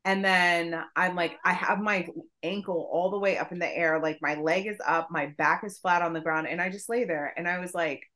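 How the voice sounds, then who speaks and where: A woman co-hosting a podcast, telling a story in casual chat, profane and animated. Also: lowish voice, normal speed. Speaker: podcast co-host.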